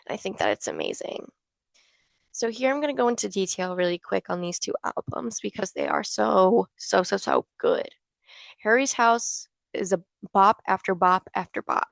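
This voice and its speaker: A woman's voice: medium pitch, very animated, normal speed, vocal fry, no echo. A young woman vlogging casually as a fan, chatty and gushing with many fillers. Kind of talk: casual fan talk to camera.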